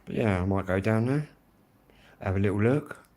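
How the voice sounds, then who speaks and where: A man's voice: fairly low pitch, normal speed, darkish tone. A man with a Kent accent hosting his own music channel, chatting casually and rambling on a live stream, swearing freely as he goes. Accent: Kent English.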